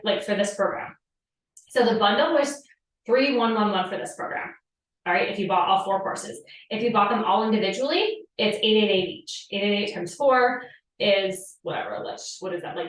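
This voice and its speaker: A woman in her thirties giving a loose, profane spiritual coaching talk, leaning on "like" constantly. Her voice sits at a middle pitch and sounds set back from the mic. A strongly echoing room surrounds her. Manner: casual, profane, filler-heavy with frequent "like". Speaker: podcast host and manifestation coach. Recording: echoey room, distant from the mic.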